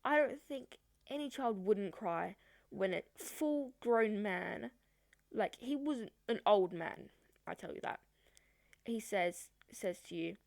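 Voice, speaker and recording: A woman's voice: medium pitch, lively intonation, takes it slowly, creaky, no echo, studio quality. A woman vlogger telling a personal story in a chatty, rambling way, with many fillers. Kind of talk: storytime vlog.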